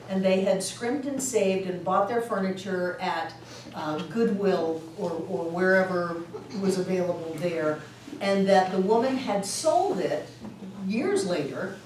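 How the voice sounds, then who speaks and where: A woman with a medium-pitched, darkish voice teaches a spiritual class, giving a storytelling lecture full of animation, frequent laughter, and acted-out voices. The recording comes from a very echoey room with a distant mic and faint hiss.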